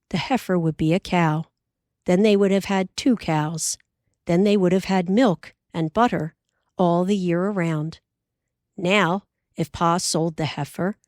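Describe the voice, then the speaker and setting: A woman narrating an audiobook in a measured, unhurried way. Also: on the low side, a little mellow, no echo, studio quality. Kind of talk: scripted narration.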